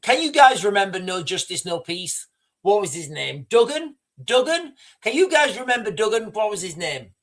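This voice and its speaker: Guy livestreaming news reactions, highish voice, rambles and repeats himself a lot. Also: sing-song, moderate pace, a bit bright. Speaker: livestream host. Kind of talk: live news commentary.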